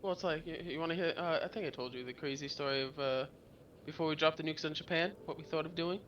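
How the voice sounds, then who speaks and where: Bright-voiced man on a distant, dull mic. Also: on the high side, quick pace, slight background noise. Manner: jokey storyteller who acts out voices. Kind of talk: casual chat while gaming.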